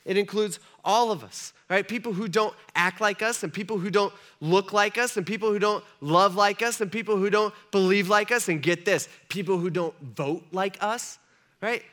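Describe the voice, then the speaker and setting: A man's voice: high-pitched, moderate pace. A man preaching a sermon to a live congregation in a casual, conversational way, acting out quoted lines as he goes. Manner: animated, conversational, acts out dialogue. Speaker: pastor.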